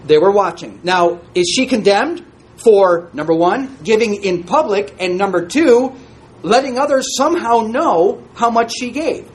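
A man's voice: sits high, animated, a little slow. A man teaching an interactive Bible class, reading scripture aloud and asking the group questions in a conversational way.

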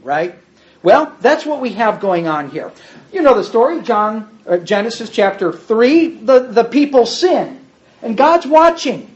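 Preacher, folksy sermon with slides, animated pitch, dull lo-fi recording. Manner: folksy, talks to the congregation as "folks"; pointing at pictures while explaining.

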